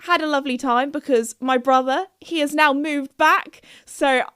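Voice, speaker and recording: A woman's voice: high voice, normal speed, no echo. Bubbly young woman podcaster, close dry mic. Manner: bubbly, giggly, squeals when excited. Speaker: podcast host. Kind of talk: casual chatty monologue.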